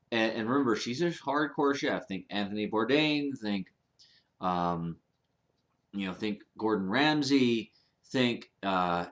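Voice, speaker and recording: A man's voice: fairly low pitch, a bit bright. A man talking casually to camera in a rambling, profane monologue full of restarts. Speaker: vlogger.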